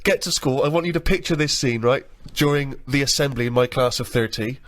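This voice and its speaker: A man's voice: mid-range voice, fairly quick, fairly bright tone. A man, a radio co-host, telling rambling self-mocking anecdotes in casual banter. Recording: archived radio studio recording.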